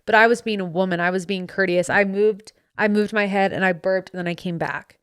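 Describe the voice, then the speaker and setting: A woman hosting a podcast, telling a story in casual chat and acting out her friends' lines in quick put-on voices, recorded close on a studio mic. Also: mid-range voice, clean tone. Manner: animated, acts out friends' voices in quotes. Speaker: podcast host. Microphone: studio microphone.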